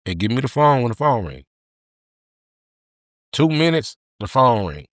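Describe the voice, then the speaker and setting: A man, a podcast guest telling a candid personal story in an emotional, halting way with many repeated words. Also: mid-range voice, very animated, no room sound, clean studio sound.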